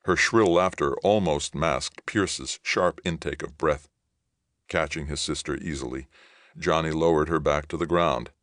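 A man reading fiction aloud as an audiobook narrator in a measured, even way. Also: very deep voice, no room sound, clean studio sound. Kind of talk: scripted narration.

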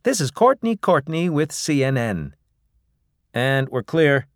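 A man's voice: fairly high pitch, big pitch swings, slow, no echo, studio quality, pitched above the performer's own voice. A man doing a strained, chirpy female reporter. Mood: forced cheer. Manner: forced brightness, clipped.

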